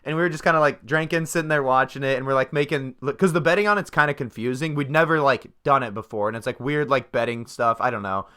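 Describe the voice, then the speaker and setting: A man's voice: mid-range voice, fast talker, hardly any pauses, pushed and bright, smooth. Young guy on a podcast, swearing a lot, just rambling through a story. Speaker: podcast co-host. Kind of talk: casual chat.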